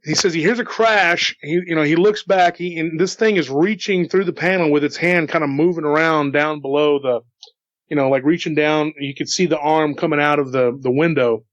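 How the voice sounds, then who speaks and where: Male storyteller, slightly high, loose rambling delivery; muffled lo-fi recording. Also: steady tone, normal speed, no echo. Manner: rambling, repeats "he goes" and restarts often. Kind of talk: casual retelling of an eyewitness story. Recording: dull lo-fi dry recording.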